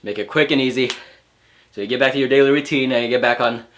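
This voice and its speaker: A man's voice: mid-range voice, quick pace, a bit bright. A young man with a stuffy, allergy-clogged nose, casually rambling through a movie review with lots of fillers and restarts. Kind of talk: casual spoken film review.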